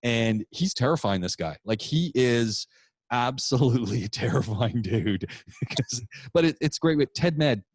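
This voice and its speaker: Animated storytelling man, dry sound. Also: mid-range voice, unhurried, slightly rough, no room sound. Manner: animated, rambling storyteller with many restarts. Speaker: podcast co-host and public speaking teacher. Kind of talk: casual storytelling chat.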